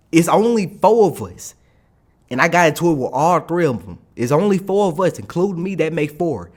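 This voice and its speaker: A young man casually telling a story in an animated, slangy way, often checking in with his listeners. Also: fairly high pitch, a little fast. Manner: animated, slangy, keeps asking "you hear me?". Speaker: streamer.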